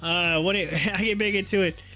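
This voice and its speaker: High, bright-voiced excitable man. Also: normal speed, faint music behind. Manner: chatty, excitable, laughs often. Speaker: stock market livestream host and youth football coach. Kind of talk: casual livestream chat.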